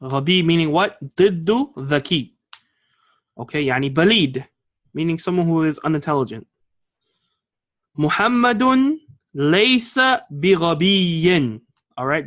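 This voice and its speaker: A man's voice: on the high side, brisk, fairly bright tone. Man teaching a grammar class. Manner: explains patiently, checking with "okay?" and "all right?"; switches between English and Arabic. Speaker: Arabic teacher.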